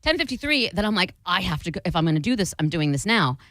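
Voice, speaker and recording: A young woman telling a story in a casual chat, animated and swearing, acting out what people said. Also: on the low side, quick pace, no room sound. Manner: animated, swearing, acts out quotes.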